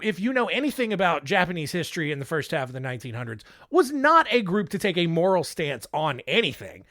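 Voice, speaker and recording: A man's voice: sits high, fairly bright tone, no echo. A man hosting a comedic storytelling podcast, rambling with joking, defensive asides and frequent laughter, on a close mic. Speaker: podcast host.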